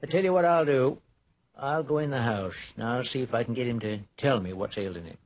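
A man's voice: mid-range voice, darkish tone, lightly acted. A man playing a folksy older small-town man. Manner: slow, folksy drawl. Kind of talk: 1940s radio acting. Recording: dull old radio transcription.

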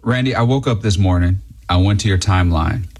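A man's voice: sits low, brisk. A man co-hosting sports talk radio, teasing his colleague with chuckling banter.

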